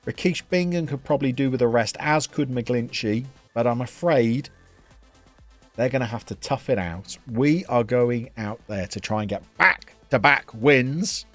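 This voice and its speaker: A man's voice: medium pitch, a little slow, fairly bright tone, faint music behind. Chatty, teasing man streaming a game. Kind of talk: casual live-stream chat.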